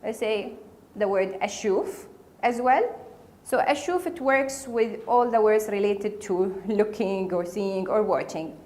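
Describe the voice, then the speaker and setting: A woman's voice: medium pitch, moderate pace, darkish tone. A woman teaching a casual spoken language lesson, patiently repeating each word for learners. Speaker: Arabic dialect teacher.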